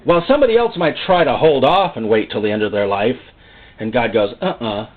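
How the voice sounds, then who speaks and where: A man preaching a sermon in an animated way, often acting out God's voice and the people he quotes. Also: mid-range voice, quick pace. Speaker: pastor. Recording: phone-like narrow sound.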